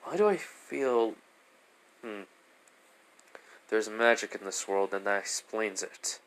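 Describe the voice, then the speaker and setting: A man voicing a stiffly formal, polite young man in a fan story, speaking low-key and clipped. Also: lively intonation, slow, a bit bright, smooth, exaggerated voice.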